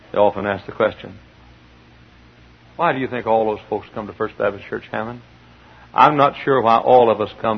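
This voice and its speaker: A middle-aged male pastor preaching a sermon in a large church, swinging from quiet storytelling to loud shouting, with a husky voice. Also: on the low side. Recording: dull lo-fi church recording.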